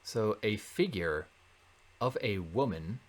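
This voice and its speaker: A man working through a Latin translation in a relaxed lesson, thinking aloud with many fillers and self-corrections. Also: lowish voice, slow pace. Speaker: Latin tutor. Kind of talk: casual translation walkthrough.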